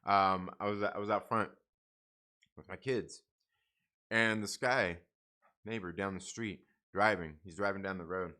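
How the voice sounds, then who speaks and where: A man's voice: sits low, fairly even intonation, unhurried, long pauses, bright, forceful tone. A middle-aged man hosting a casual livestream, speaking bluntly and profanely, rambling with frequent restarts. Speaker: comic book channel host.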